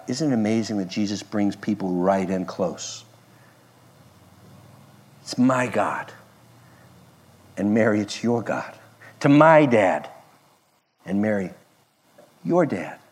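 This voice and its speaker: A man preaching a sermon, expressive, moving between loud emphasis and soft, hushed passages. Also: on the low side, takes it slowly, pauses often, breathy edge. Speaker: pastor.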